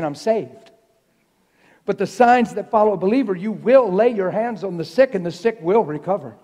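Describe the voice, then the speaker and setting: A traveling preacher delivers a sermon to a congregation in a church sanctuary, telling stories in an animated, high-pitched voice that drops to a hush and then rises to shouts. The live recording carries the reverb of the church hall.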